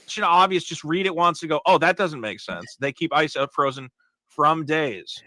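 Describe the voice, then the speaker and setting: A man's voice: a little high, moderate pace, pushed and bright, dry recording. A man chatting casually on a stream, pointing out things on the screen. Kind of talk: casual chat.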